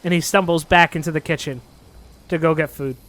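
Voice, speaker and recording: A man's voice: on the high side, steady tone, fairly quick, a bit bright. A man narrating a tabletop game as game master, rambling with lots of fillers.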